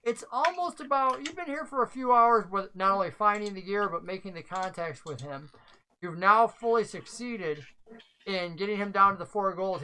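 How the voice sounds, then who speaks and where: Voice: mid-range voice, bright, forceful tone, rough recording. A game master who narrates a tabletop game and explains the rules at length, thinking aloud.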